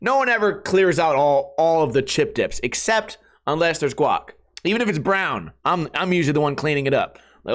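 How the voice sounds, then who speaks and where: Man, 30s, podcast host, casual solo chat, rambling, swearing, jokey, voice a bit higher than most men. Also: sing-song, fairly bright tone. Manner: rambling, profane, jokey, acts out friends in quick impressions.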